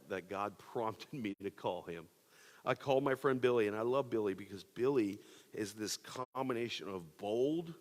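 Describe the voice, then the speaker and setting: A man's voice: mid-range voice, fairly bright tone, big-room sound. A man pastor giving a sermon, telling a personal story in a casual, conversational way with many fillers. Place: church auditorium.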